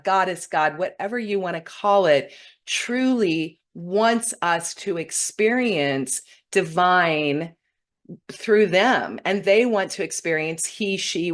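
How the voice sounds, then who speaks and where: Earnest woman giving a spiritual talk. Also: on the low side. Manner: earnest, warm-hearted, often tearful when moved. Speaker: spiritual teacher hosting a weekly broadcast. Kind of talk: heartfelt spiritual talk to viewers.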